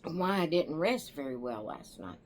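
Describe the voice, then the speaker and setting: A tired woman hosting her own channel, chatting to viewers in a rambling, relaxed way and yawning now and then. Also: low-pitched, normal speed, slight background noise. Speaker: doll channel host. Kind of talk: casual chat to viewers.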